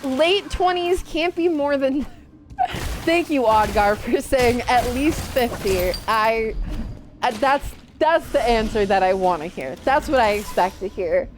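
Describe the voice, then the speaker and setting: A young woman with a slightly high voice talks casually while she plays a video game on stream. She reacts out loud to the game and answers her chat as she goes, with soft game music faintly behind her. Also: animated, a little slow. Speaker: VTuber streamer.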